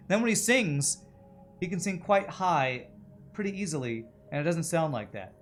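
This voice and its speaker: While streaming a video game, a man chats casually with viewers and muses aloud about voices and accents. His voice is a little high and fairly bright, with lively intonation and a moderate pace, against slight background noise.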